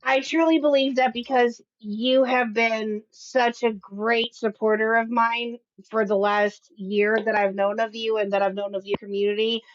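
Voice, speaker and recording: A woman's voice: a little high, steady tone, dry recording. A woman guest on a stream, chatting earnestly and gratefully over a voice call. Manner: earnest and grateful, talks slowly. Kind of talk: casual chat. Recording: dull, dry voice-call audio.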